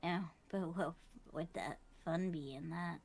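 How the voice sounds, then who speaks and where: A woman voicing a cunning, smug female murderer with a gravelly, evasive, taunting manner. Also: on the low side, a little slow, a little mellow, a little hiss or hum. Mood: relishing. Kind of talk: voicing game dialogue.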